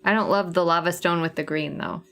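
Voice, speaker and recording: A woman's voice: lowish voice, steady tone, fairly quick, a bit bright, soft background music. A woman hosting a casual craft livestream, chatting with viewers and thinking aloud as she sorts thread colors. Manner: chatty, thinking aloud while sorting flosses. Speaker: cross-stitch livestream host.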